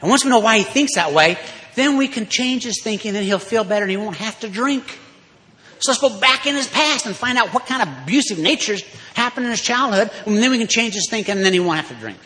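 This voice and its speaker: A man's voice: high-pitched, lively intonation, quick pace. Folksy man in echoing hall. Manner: folksy, emphatic, rising to loud exhortation. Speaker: recovery speaker. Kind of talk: storytelling talk to an audience. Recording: hall reverb.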